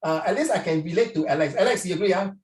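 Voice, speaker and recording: A man's voice: high voice, very fast, darkish tone. A middle-aged man, teaching an online class in a playful, teasing way. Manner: playful, teasing, peppers questions with "ah". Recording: roomy sound, distant mic.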